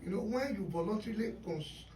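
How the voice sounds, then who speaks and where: A man's voice: high voice, animated, a little fast, a little mellow. A man, a guest arguing points on a radio panel. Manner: argumentative, questioning. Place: radio studio. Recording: roomy studio, distant mic, faint noise.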